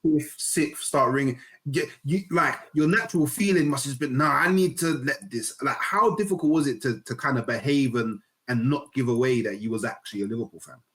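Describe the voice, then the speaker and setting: A man's voice: medium pitch, fairly quick, few pauses, fairly bright tone. Man asking rambling follow-up questions. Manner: laughs along, asks rambling follow-up questions. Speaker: podcast host, interviewer. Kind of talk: casual interview.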